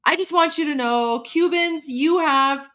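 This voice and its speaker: A woman's voice: high-pitched, a little slow, fairly bright tone. A woman hosting a casual livestream, talking in an emotional, rambling way that breaks off and restarts often. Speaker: livestream host. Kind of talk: casual live-stream chat.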